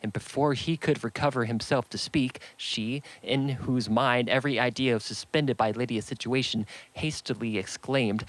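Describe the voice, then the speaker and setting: A man reading a classic novel aloud in a steady, measured narration. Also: mid-range voice, no echo, poor audio. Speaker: audiobook reader.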